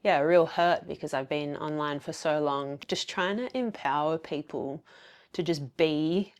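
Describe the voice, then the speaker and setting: A woman's voice: low-pitched, measured pace. A woman with an Australian accent hosting a solo podcast, talking candidly and reflectively with many fillers. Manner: candid, confessional, fillers and quoted self-talk. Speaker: podcast host.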